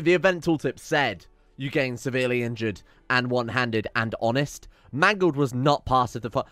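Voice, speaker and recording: A man's voice: mid-range voice, fairly bright tone, dry recording. A man in the middle of his range talks through a strategy game with playful sarcasm, reading events aloud and cursing when things go wrong. His voice sits dry and close to the mic. Faint music plays underneath. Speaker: gaming YouTuber. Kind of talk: strategy game let's play commentary.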